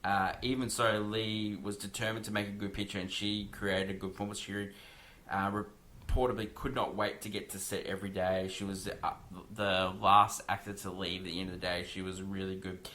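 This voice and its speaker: Low-voiced man chatting about films. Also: little pitch movement, normal speed, sharp tone. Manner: rambling, many fillers and restarts. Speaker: podcast co-host. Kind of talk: casual film discussion.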